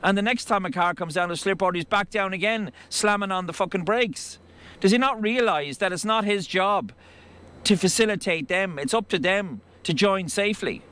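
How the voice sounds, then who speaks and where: A man's voice: high voice, normal speed, a bit bright, clear, resonant tone. An Irish man driving a truck, talking bluntly and swearing freely in a rambling way from his cab. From Ireland. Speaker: truck driver. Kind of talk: driving vlog commentary. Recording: road noise in the cab.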